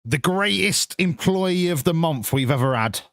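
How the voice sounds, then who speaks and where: A man's voice: on the high side, animated, a little slow, a bit bright, no echo. A man giving rambling, crude, jokey commentary while streaming a game. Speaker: gaming streamer. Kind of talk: casual gameplay commentary.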